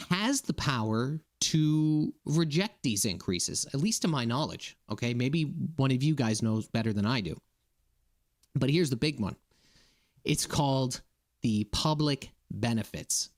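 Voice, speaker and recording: A man from Massachusetts giving a casual, indignant rant to his viewers, often checking in with "okay?" and "right?". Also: mid-range voice. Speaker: political commentator.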